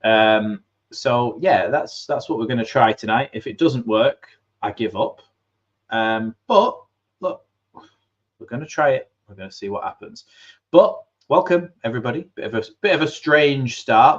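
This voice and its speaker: A man's voice: mid-range voice, lively intonation, normal speed, dry recording, highs cut off. A man hosting a live football watchalong from his home computer, chatting loosely with lots of fillers and restarts. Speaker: football fan channel host. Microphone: desk microphone.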